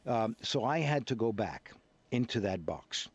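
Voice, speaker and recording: An older actor with a softened Brooklyn accent and a transatlantic tinge, chatting in a relaxed radio interview and telling anecdotes with lots of "you know.". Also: male voice, medium pitch, measured pace, slightly rough. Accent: Brooklyn accent softened by years in Britain, transatlantic. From Brooklyn, New York.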